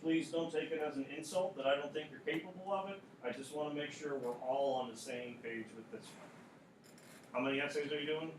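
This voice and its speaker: A male high school English teacher explaining an assignment to his class, patient and repeating key points. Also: steady tone, fairly quick, background noise. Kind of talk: classroom instruction.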